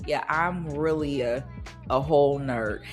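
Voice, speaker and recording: A woman's voice: deep voice, unhurried, soft background music. A woman in her thirties hosting a podcast, chatting casually and laughing, often slipping into playful voices. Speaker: podcast host. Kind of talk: casual nostalgic podcast chat.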